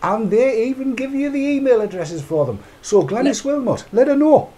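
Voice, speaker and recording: A high-pitched man hosts a live online panel show, steering the talk with a wry, teasing edge. His delivery is conversational and easygoing. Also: expressive, normal speed, mellow. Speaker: show host.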